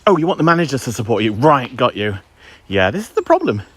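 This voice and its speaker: A man's voice: mid-range voice, very animated, quick pace, a bit bright, breathy edge, no room sound. A man livestreaming a dog walk outdoors, chatty and ranting, with some playful crude language, on a handheld phone. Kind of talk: casual chat while walking. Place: outdoors in woods.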